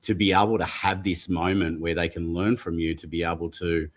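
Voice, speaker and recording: Man, interview host, very deep voice, reflective conversational questions. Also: level tone, a little fast.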